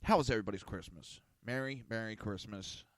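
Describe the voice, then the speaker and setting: A male podcast host who rambles through a casual rant, cursing freely and sounding exasperated. His voice sits fairly low. The recording is dry and close, with no room echo. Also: brisk. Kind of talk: casual ranting talk show.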